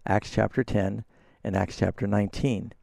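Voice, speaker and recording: A man's voice: fairly low pitch, steady tone, moderate pace, gravelly, dark tone, dry recording, clean studio sound. A man hosting a call-in radio Bible program as pastor, explaining scripture in an earnest, conversational way.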